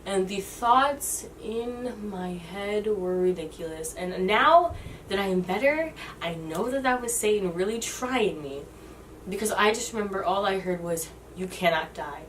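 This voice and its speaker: Halting young woman, slightly distant mic. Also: mid-range voice, expressive, slight background noise. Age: 20s. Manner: halting and emotional, many restarts. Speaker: vlogger. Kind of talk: personal confessional storytelling.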